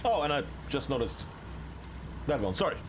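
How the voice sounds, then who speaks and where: A man casting a tactical shooter match solo, chatty and excitable, shouting on big plays. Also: medium pitch, moderate pace, background noise. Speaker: esports caster. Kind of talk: solo play-by-play commentary.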